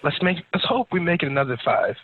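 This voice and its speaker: A man's voice: fairly high pitch, big pitch swings, fast. A young man co-hosting a podcast, talking in a laid-back, drowsy, casual way. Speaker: podcast co-host. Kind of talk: casual chat. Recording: tinny phone-like line with faint noise.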